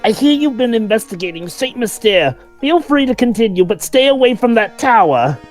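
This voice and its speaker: A man's voice: very high-pitched, animated, moderate pace, soft background music. A man putting on a nerdy, nasal village clerk. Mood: warning. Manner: officious, bureaucratic. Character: nerdy fussy male village hall clerk. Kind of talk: voicing game characters in a let's play.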